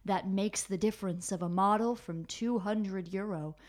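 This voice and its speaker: A woman's voice: medium pitch, normal speed, darkish tone, lightly acted. A woman reading the part of a 43-year-old woman who runs a fashion school, in a stilted manner and often breaking into giggles. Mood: amused, grand. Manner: stilted read with frequent giggles.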